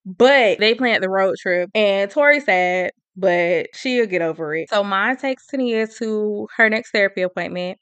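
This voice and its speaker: A woman chatting casually as she recaps a book, slangy and lively, with constant "she was like" asides. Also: medium pitch, a little slow, hardly any pauses, smooth, no echo. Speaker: book reviewer.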